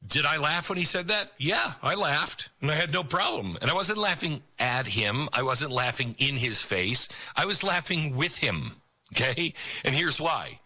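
A man's voice: a little high, expressive, moderate pace, sharp tone. A middle-aged man hosting a political talk show, giving an opinionated monologue in a mocking tone, laughing often and repeating phrases for emphasis.

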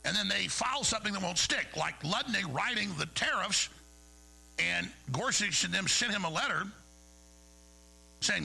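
A man's voice: sits high, lively intonation, moderate pace, vocal fry, pauses often, bright, forceful tone, husky, low-quality recording. A middle-aged man hosting a talk show, ranting angrily and going off on tangents while mocking his opponents. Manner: angry, digressive, mocking impressions. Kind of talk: ranting monologue.

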